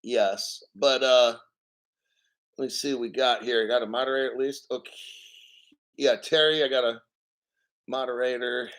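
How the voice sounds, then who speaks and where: A man hosting a live-streamed crypto show, reading an article aloud and riffing on it in an excitable, profane way, often claiming he is about to cry. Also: mid-range voice. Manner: profane, excitable, mock tearful; reads article aloud slowly, then riffs. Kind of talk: live-stream commentary with callers.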